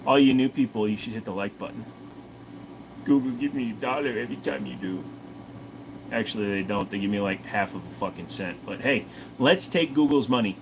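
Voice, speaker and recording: A man in his forties with a Tennessee accent hosts a casual livestream, chatting to viewers in a crude, profane, joking way. He speaks briskly at medium pitch over a noisy background.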